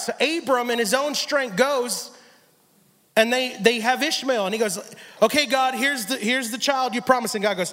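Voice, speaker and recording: A man with a very high voice preaches with energy, driving points home by repetition. He voices biblical figures in quick back-and-forth dialogue. The sound rings with the long reverb of a church. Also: pushed and bright. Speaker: guest speaker. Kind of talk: sermon.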